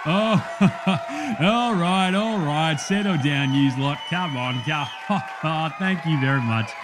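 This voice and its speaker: A man's voice: fairly high pitch, animated, slow pace, a crowd in the background, background noise. A man with an Australian accent voicing a brash, blokey male TV cook who jokes and laughs with his studio audience. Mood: boisterous. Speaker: podcast host in a comedy bit.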